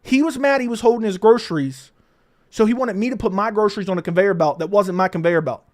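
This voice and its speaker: A man hosting a casual livestream, telling stories in a profane, animated way into a studio mic. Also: sits high, fast talker. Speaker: livestream host.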